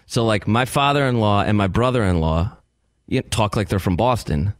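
Lower-voiced male co-host, dry humor, close dry mic. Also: moderate pace, no room sound. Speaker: radio show co-host. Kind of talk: casual radio talk.

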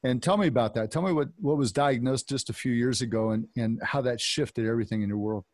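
A man's voice: medium pitch, a little mellow, no echo. Enthusiastic male interviewer, dry sound. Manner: enthusiastic, halting questions. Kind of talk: casual interview.

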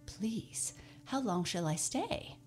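A woman's voice: mid-range voice, big pitch swings, slow, darkish tone, faint music behind, pitched above the performer's own voice. A woman voicing a meek, lonely male scarecrow who talks in a timid, plaintive way.

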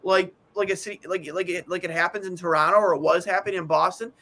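A man's voice: sits high, steady tone, fast talker, bright, forceful tone. A man co-hosting a casual hockey podcast, ranting in an exasperated, rambling way with many stammered restarts. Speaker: podcast co-host. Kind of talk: casual sports talk.

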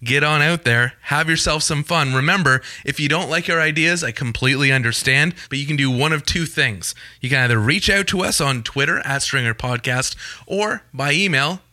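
A young man hosting a podcast, plugging events in quick, joking casual chat. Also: a little high, bright, forceful tone, no echo. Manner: fast-talking, joking, self-deprecating. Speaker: podcast host.

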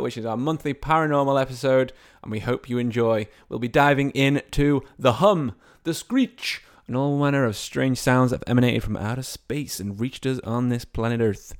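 A man's voice: medium pitch, normal speed, hardly any pauses. A man hosting a comedy podcast, joking around, laughing often and tripping over his words. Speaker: podcast host. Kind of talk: casual comedic podcast chat.

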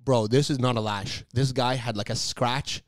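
A man's voice: mid-range voice, normal speed, dry recording, clean studio sound. A man telling a story in casual chat, acting out the people in it and laughing often. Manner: animated, acts out voices of people in his stories, laughs often.

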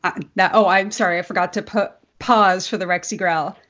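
A woman's voice: on the low side, fairly even intonation, a little fast, a bit bright. Chatty middle-aged woman co-host. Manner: chatty, laughs often. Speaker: podcast co-host. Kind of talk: casual chat. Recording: dull lo-fi audio.

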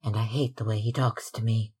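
A man's voice: fairly low pitch, little pitch movement, fairly quick, darkish tone, breathy edge. A man reading aloud, voicing a young girl in love in a raised, breathless, pleading tone. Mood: giddy, lovestruck.

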